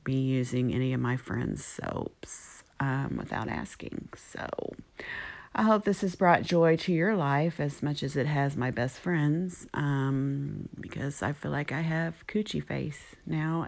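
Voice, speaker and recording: A woman's voice: sits low, animated, a little slow, creaky, darkish tone. A middle-aged woman casually telling a funny story to camera, rambling with many ums and quoting herself and her friend.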